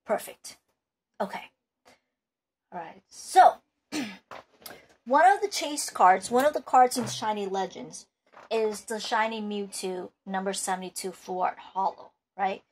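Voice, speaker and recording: A woman talks off the cuff to her viewers in a rambling, emphatic way, restarting her sentences often. Her voice sits fairly high and sounds husky and a little breathy. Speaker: card collector and video maker. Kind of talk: unscripted vlog talk.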